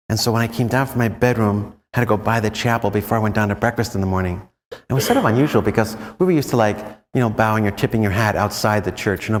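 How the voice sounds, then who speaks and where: Chuckling priest in an echoing hall. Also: male voice, on the low side. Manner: rambling, chuckling storyteller who asks the audience questions. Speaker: Jesuit priest leading a retreat. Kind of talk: anecdotal retreat talk to a live group. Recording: long reverb in a large room.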